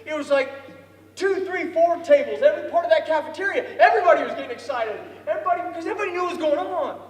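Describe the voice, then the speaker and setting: A man telling a lively story to an audience, acting out voices and often laughing. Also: very high-pitched, racing. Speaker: storyteller speaker. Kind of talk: storytelling speech. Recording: echoey hall from far off.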